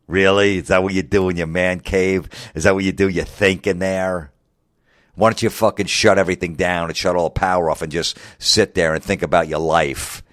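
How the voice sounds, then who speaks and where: A man's voice: low voice, dry recording, studio quality. A comedian in his forties delivering an angry, mocking, profane comedic rant. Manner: angry, mocking, heavy swearing.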